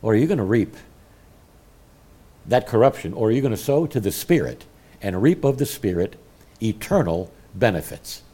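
A man's voice: lowish voice, sing-song, normal speed, long pauses, dark tone. A man preaching a sermon, telling stories with animation and laughing at his own jokes. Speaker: pastor.

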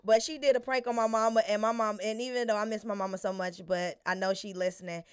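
A woman's voice: mid-range voice, fast, clear, resonant tone. A woman from Chicago co-hosting a casual podcast, telling prank stories with lots of laughter. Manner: laughing, animated storytelling. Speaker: podcast co-host. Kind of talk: casual storytelling chat.

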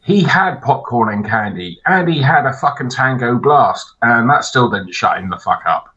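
Sweary bright-voiced man. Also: medium pitch, normal speed, dull audio. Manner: sweary, animated storyteller. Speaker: podcast co-host. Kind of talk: casual chat.

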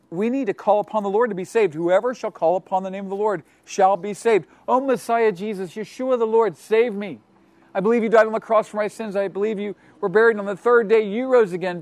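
A middle-aged man preaching a radio sermon, reading scripture aloud and exhorting his listeners in an earnest way, moving from loud declarations to hushed asides. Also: high voice, dry recording. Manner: dynamic, swings from loud to hushed. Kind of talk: radio sermon and Bible teaching.

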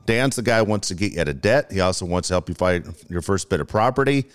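A man's voice: low-pitched, expressive, fast, clean tone. A man co-hosting a radio show, doing upbeat sponsor reads and repeating phone numbers.

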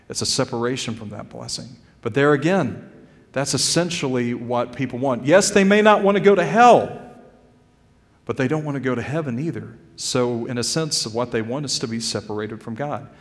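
A male pastor preaching a sermon earnestly, calling his listeners "folks" and swinging between loud emphasis and quiet drops. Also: medium pitch, moderate pace, big-room sound. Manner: addresses the congregation directly as "friends" and "folks". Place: church sanctuary.

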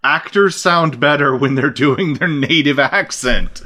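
A man's voice: on the high side, unhurried, bright, forceful tone. A married man chatting casually on a podcast, swearing for emphasis. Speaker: podcast co-host. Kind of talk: casual chat.

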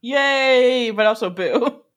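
A woman co-hosting a podcast, tossing in quick wry quips and laughing along. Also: on the high side, fairly bright tone. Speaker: podcast co-host. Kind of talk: casual chat.

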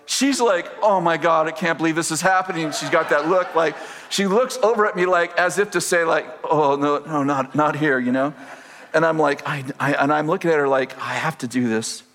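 A man preaches in a storytelling style, acting out each exchange and breaking into laughter along the way. His voice sits fairly high for a man. The sound carries a long reverb, as in a large hall. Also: moderate pace, slight background noise. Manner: animated storyteller, acts out dialogue, laughs often. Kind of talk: storytelling sermon.

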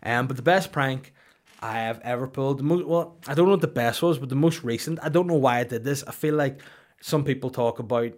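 A man, telling rambling, profane comic stories as a podcast host in a mock-serious tone. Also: mid-range voice. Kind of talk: comedic storytelling.

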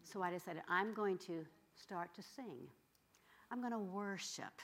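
A middle-aged woman preacher telling a story in a sermon, swinging from loud exclamations to hushed whispers. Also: mid-range voice, unhurried.

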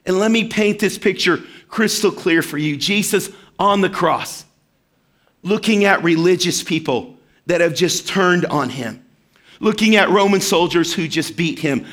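A man preaching a sermon as pastor, animated and acting out quoted voices. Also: sits high.

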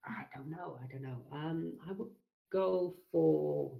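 A woman's voice: low-pitched, slow pace, vocal fry, narrow, tinny audio. A woman being interviewed on a casual podcast call, hesitant and nervous, often repeating her words. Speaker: interview guest.

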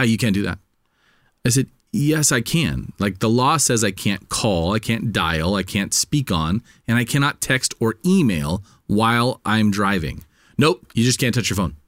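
A man tells a story on a casual podcast, cursing freely and growing heated as he goes. His voice is medium in pitch and sounds close and dry, with no room around it. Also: no echo. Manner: heated, profane, animated retelling. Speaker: podcast co-host.

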